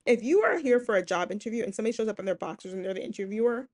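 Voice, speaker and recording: A woman hosting a sociology podcast in a casual lecture style, lively and often checking in with "right?". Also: fairly high pitch, fast, hardly any pauses. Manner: animated, acts out quoted voices, keeps asking "right?".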